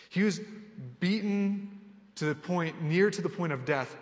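A man preaching a sermon with animated delivery, acting out imagined dialogue and building to emphatic, rising lists. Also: medium pitch, normal speed, in a large hall. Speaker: pastor.

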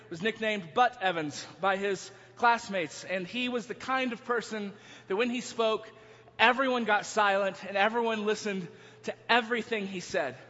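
A man preaching a sermon, telling a story in an animated way, now and then breaking into yelling. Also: high voice. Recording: dull sound, long hall reverb.

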